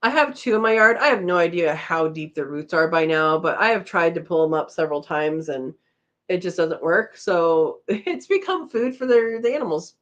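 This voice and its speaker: A woman's voice: on the low side, expressive, normal speed. A tired woman hosting a casual live chat, reading out viewer comments and chatting back with a laugh. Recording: slightly dull lo-fi audio.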